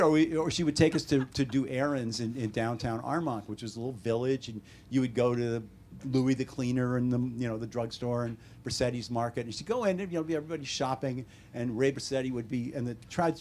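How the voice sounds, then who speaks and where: A man in his seventies with an American accent, an author telling wry, deadpan stories at a bookstore talk. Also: medium pitch, brisk, a little hiss or hum. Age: 70s. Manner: wry, deadpan humor with animated quoted voices. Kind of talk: casual storytelling Q&A. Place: bookstore event room.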